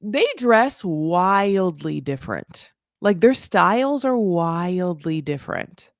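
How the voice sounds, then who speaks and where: A woman with a lowish, expressive voice hosts a casual reality-show recap, speaking slowly. She's gossipy and sarcastic, swears, and peppers her talk with "like," all in clean, echo-free studio sound.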